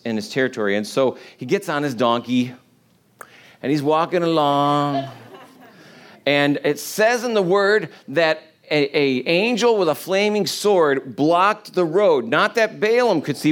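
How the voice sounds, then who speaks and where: Man, preacher, casual sermon storytelling, conversational, humorous, filler-heavy, fairly high voice.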